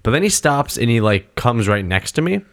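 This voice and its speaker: A man's voice: medium pitch, big pitch swings, normal speed, gravelly, fairly bright tone. A man in his thirties telling a long personal story in casual chat. He rambles with lots of fillers and swears freely. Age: 30s.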